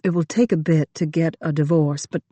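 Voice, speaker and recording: A woman doing a pleading man's deep drawl. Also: steady tone, normal speed, dark tone, breathy edge, dry recording. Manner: persuasive, pleading. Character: earnest married man, low deep drawl.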